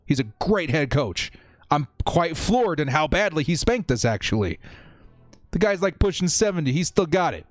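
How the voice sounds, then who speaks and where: A man's voice: fairly high pitch, no echo. A young man hosting a casual live stream, reading viewer comments aloud and laughing often.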